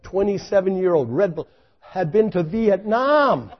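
A man preaching a sermon, telling a story dramatically, swinging from loud exclamations to hushed intensity. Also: high voice, big pitch swings, unhurried, highs cut off.

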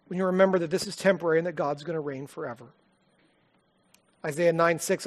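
A man preaching a sermon, telling a personal story in an earnest, heartfelt way and often dropping to a soft, quiet voice. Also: fairly high pitch, steady tone, fast, pauses often. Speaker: pastor.

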